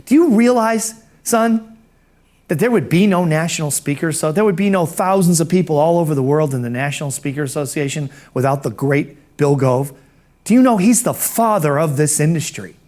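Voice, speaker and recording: An old man in his eighties, impatient at first and then warm and emphatic, as a man telling the story puts him on. His voice sits high for a man, and he keeps calling the listener son. He talks in a fatherly, brisk way. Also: animated, lightly acted. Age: 80s. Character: elderly retired man, brisk then warmly impressed.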